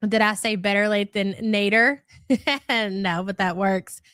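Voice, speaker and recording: A woman's voice: medium pitch, steady tone, slow pace, fairly bright tone, clear, resonant tone, no echo, clean studio sound. A woman hosting a casual live stream who is fighting a cold. She chats along as she greets viewers one by one, reading out their names and calling them hun. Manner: chatty, reads out viewer names, calls people hun. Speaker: livestream host.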